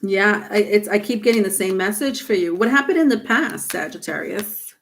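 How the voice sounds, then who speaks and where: A woman's voice: medium pitch, animated, moderate pace, vocal fry, fairly bright tone. A woman giving a live-streamed tarot reading, rambling with many fillers and restarts. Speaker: tarot reader.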